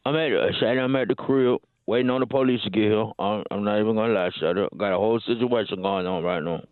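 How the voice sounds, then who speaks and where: A man's voice: on the low side, fast talker, no echo, pitched below the performer's own voice, natural voice. A man voicing a rambling, stammering male caller who makes wild excuses to miss work, heard over a phone line. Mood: grumbling. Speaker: comedy caller.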